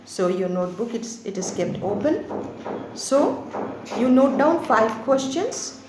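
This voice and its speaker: Slow dictating teacher, echoey room. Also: female voice, a little high, sing-song, background noise. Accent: Indian English. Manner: slow, repeats words and spells them letter by letter. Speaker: school English teacher. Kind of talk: online class dictation.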